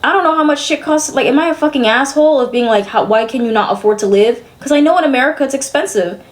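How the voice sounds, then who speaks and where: A woman's voice: high-pitched, quick pace. A young woman streamer venting to her chat, exasperated and swearing as she rambles.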